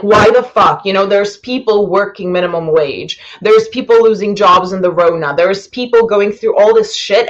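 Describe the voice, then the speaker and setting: Blunt, swearing woman coach, lo-fi sound. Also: mid-range voice. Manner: blunt, swears a lot, rambling. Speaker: business coach. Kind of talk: live-streamed masterclass.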